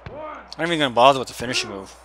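Excitable man yelling at a game. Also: mid-range voice, racing, slight background noise. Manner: excitable, swears, yells at the game. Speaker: gamer. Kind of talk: casual gameplay commentary.

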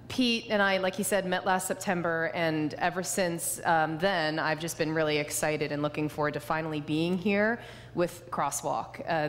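Woman preaching in a reverberant hall. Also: fairly low pitch. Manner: warm storytelling, humorous. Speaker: guest preacher. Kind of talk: sermon with personal stories. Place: church sanctuary.

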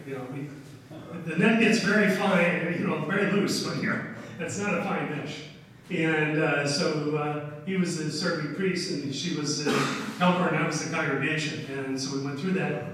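An older man with a fairly high, slightly bright voice gives a casual history slide lecture, telling stories in a folksy way full of "uh"s and "okay"s. He's recorded from far off by a distant room mic in a large, echoey hall, with a little hiss or hum.

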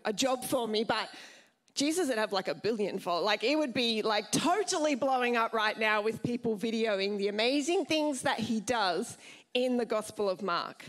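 A woman pastor giving a sermon in a lively, chatty way, often asking the congregation questions. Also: a little high.

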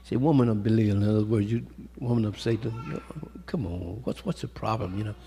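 A man preaching a sermon, swinging from loud calls to hushed storytelling and calling out to the congregation, in a church sanctuary. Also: fairly low pitch, fast talker. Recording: echoey hall with long reverb.

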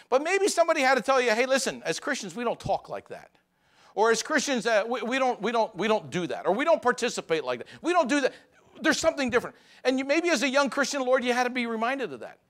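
A man preaching a Sunday sermon in a church, talking to the congregation in a conversational way, his voice rising for emphasis and then dropping low. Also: fairly bright tone. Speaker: pastor. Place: church sanctuary.

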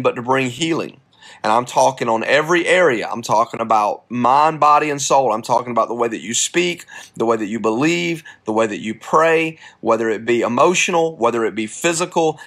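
A man's voice: medium pitch, fairly bright tone. A man, a pastor, giving a casual devotional talk on a podcast, earnest and encouraging, with plenty of fillers, streamed live from a phone. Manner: casual, conversational preaching with many fillers.

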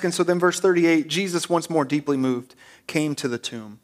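A man's voice: a little high, moderate pace. A man preaching a sermon as pastor, earnest and conversational, often repeating words as he restarts.

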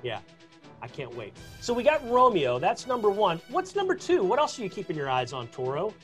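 A man's voice: sits high, huge pitch swings, fairly quick, faint music behind. Chatty, gushing man on a video call. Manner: chatty and gushing, self-described gabber. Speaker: team insider guest. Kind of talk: casual chat.

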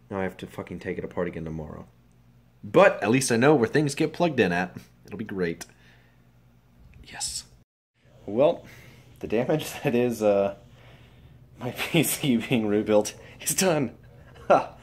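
A young man with a lowish voice, a vlogger and streamer, casually vlogs about his computer upgrade and daily routine. He swears freely, swinging between muttered asides and loud, upbeat advice.

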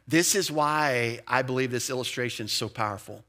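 A man preaching a sermon as pastor, in a lively, conversational way with casual asides. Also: medium pitch, moderate pace. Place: church sanctuary.

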